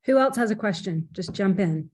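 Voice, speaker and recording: A woman hosts a group video call in an easygoing, unpolished way. She thanks the guest and invites questions in plain, mid-pitched speech. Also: lively intonation, normal speed, a little mellow, husky. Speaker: host of the session.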